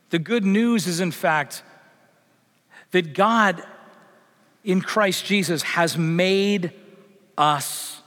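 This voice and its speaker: A man preaching a sermon as pastor, telling a joke with lively voices before turning earnest. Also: high-pitched, big-room sound.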